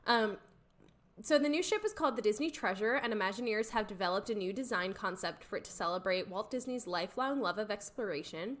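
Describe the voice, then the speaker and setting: A woman's voice: mid-range voice, fairly quick. A young woman co-hosting a podcast, chatting and reading news items aloud. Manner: relaxed, reads news items aloud between banter. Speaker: podcast co-host. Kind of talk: casual chat.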